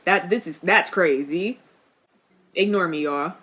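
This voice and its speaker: A young woman reacting to a TV series in a casual, chatty way. She talks straight at the screen and laughs often. Her voice is a little low in pitch but bright and forceful. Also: a little slow. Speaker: reaction vlogger.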